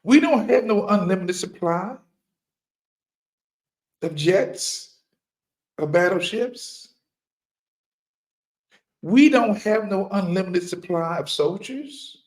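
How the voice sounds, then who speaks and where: A middle-aged man giving an impassioned, preaching monologue as a firearms trainer, repeating key lines for emphasis and firing rhetorical questions at his listeners. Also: sits high.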